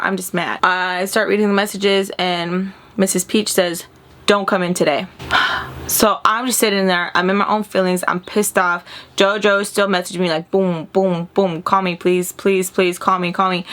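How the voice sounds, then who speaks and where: A young woman vlogger telling a long personal story in casual chat, candid and animated, swearing freely and acting out what others said. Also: mid-range voice.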